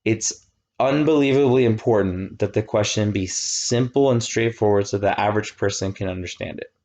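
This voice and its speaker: A man in his thirties giving a casual, animated classroom lecture, often checking that students follow. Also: on the low side, normal speed. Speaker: college lecturer.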